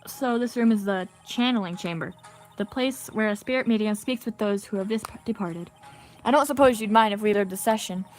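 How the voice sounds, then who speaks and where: A woman's voice: medium pitch, a little fast, faint music behind, lightly acted. A woman voicing a curious young male lawyer in her own plain reading voice.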